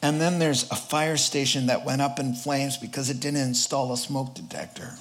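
A man's voice: medium pitch, moderate pace, a bit bright. A man preaching a sermon as pastor, in a conversational, joking way that often acts out quotes.

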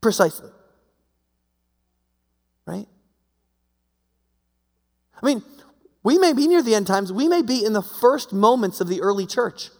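High, gravelly-voiced preacher in a big hall. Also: male voice, expressive, measured pace, long pauses. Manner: conversational, full of fillers and rhetorical questions. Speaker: pastor. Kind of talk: sermon.

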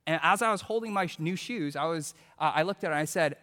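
A male preacher telling a story in a sermon, animated as he acts out quotes, then turning hushed and earnest. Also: on the high side, quick pace, hardly any pauses, long reverb tail.

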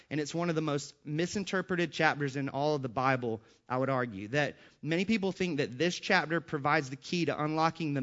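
A man's voice: fairly high pitch, a bit bright, highs cut off. A man preaching a sermon to his congregation, quoting scripture and building emphasis on repeated lines. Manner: emphatic, rising in volume on repeated scripture quotes. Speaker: pastor.

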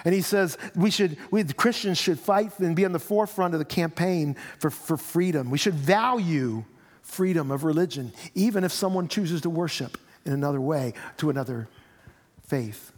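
A man's voice: fairly high pitch, moderate pace. A middle-aged man, a pastor, preaching a sermon in a conversational way, often repeating his words. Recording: long hall reverb.

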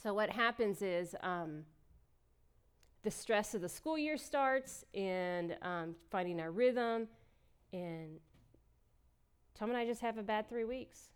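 A woman's voice: mid-range voice, expressive, takes it slowly, long pauses, clear, resonant tone. A middle-aged woman giving a candid, emotional personal testimony as a church speaker, laughing often as she talks.

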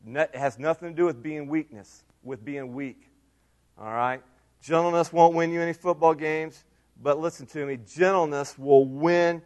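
A man preaching a sermon to his congregation, earnest, repeating key phrases and swinging between loud emphasis and quiet asides. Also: a little high. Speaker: pastor.

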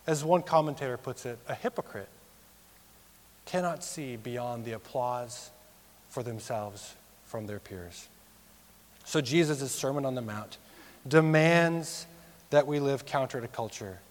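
Expressive male preacher in a reverberant hall. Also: a little slow, pauses often. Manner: expressive, rising for emphasis and dropping low for serious points. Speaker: pastor. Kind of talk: sermon.

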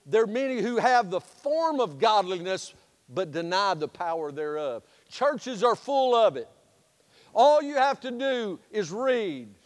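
A high-voiced male pastor preaches with folksy, animated storytelling. His voice rings out through a church sanctuary with a long, echoing reverb. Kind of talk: sermon with storytelling.

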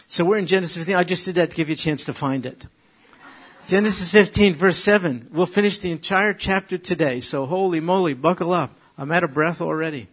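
Gravelly-voiced New York pastor preaching. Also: male voice, a little high. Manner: animated, joking asides to the congregation. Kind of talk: sermon and Bible teaching.

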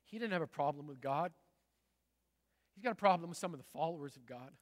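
A middle-aged man, a pastor, preaching a sermon in a large church, telling stories in a lively, conversational way. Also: on the high side, fast talker, in a large hall. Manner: conversational storytelling, lively and animated.

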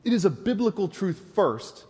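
A young adult man preaching a sermon, animated, with playful asides and mimicked voices. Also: high voice, normal speed, breathy edge. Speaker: pastor. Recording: long hall reverb.

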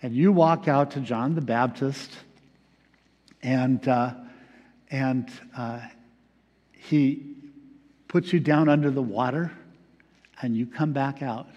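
Pastor preaching in a reverberant hall. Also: male voice, medium pitch, a little mellow, lo-fi sound. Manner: reflective, halting with many fillers. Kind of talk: sermon. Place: church sanctuary. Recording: long reverb of a large hall.

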